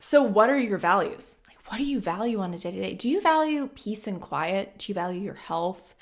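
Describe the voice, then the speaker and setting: Twenty-something woman vlogging self-help, blunt and emphatic, repeats stuff to hammer it in, mid-pitched voice. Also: animated, brisk. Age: 20s. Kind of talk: casual self-help talk to camera.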